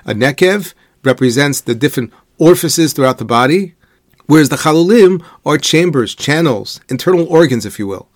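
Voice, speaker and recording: Man giving a measured religious lesson. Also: on the high side, expressive, no room sound, studio quality. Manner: measured explanatory delivery, posing rhetorical questions; weaves Hebrew quotations into English. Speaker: Torah teacher. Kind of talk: religious lecture.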